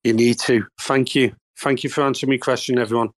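A man's voice: medium pitch, little pitch movement, quick pace. Polite man with a Liverpool accent. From Liverpool, England. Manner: polite, hesitant, self-deprecating. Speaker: caller asking a question.

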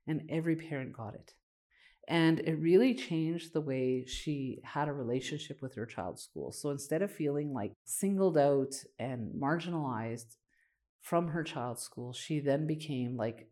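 Speaking a little slowly in a low, dark voice, a woman who runs a community organization as its executive director describes its programs and shares stories. Her manner is sincere and chatty, with frequent "right?"s.

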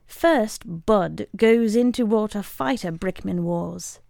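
Gravelly woman reading a wry story. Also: mid-range voice, takes it slowly, darkish tone, dry recording, clean studio sound. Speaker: reader.

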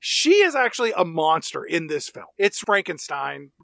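A man's voice: a little high, big pitch swings, normal speed, creaky, a bit bright, no room sound, clean studio sound. A man co-hosting a film podcast, critiquing a movie in casual, opinionated chat. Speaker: podcast co-host.

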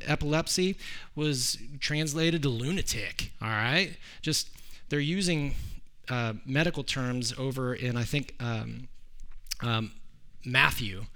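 Delivering a sermon in a conversational style, this man speaks with a sharp tone on the high side. He keeps restarting his sentences and performs quotes as he goes.

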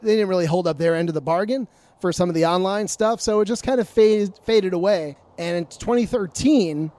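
A man's voice: high voice, no room sound. A man casually recounting sports media stories on a podcast, acting out the arguments he quotes. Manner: animated storyteller, acts out quoted arguments.

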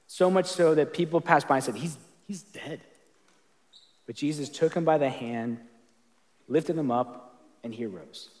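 Earnest preacher man in a reverberant hall. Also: fairly high pitch. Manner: earnest, conversational with restarts. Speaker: pastor. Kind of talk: sermon.

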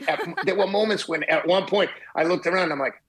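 A man in his fifties, a podcast guest telling a swearing, animated anecdote in casual chat. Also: sits high, fairly quick, husky. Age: 50s. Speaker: podcast guest, marathon runner.

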